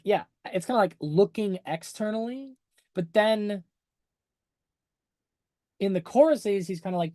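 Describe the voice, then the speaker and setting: A man's voice: on the high side, warm tone, no room sound, studio quality. A man hosting a casual livestream where he breaks down a song, enthusiastic and chatty, often checking in with "right?" as he explains music terms to his viewers. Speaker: music analysis streamer.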